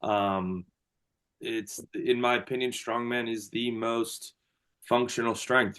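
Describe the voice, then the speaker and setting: A man's voice: medium pitch, fairly even intonation, a little slow, pushed and bright. Male coach, casual and chatty, lots of fillers, heard over a video call. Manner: loose and chatty, many fillers and restarts. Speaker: strength coach.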